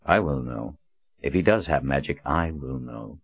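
An earnest, gentle young man in an audiobook, voiced by a man with a deep, quiet and sincere delivery. The recording is dry and muffled. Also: animated, moderate pace, creaky, breathy edge, no room sound, full character voice. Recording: dull lo-fi recording.

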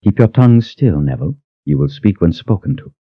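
Guy doing a cold cruel sorceress lady, icy and mocking, low dry voice. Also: animated, fairly quick, dry recording, muffled recording. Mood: cold menace. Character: cold cruel woman sorceress, calm menace.

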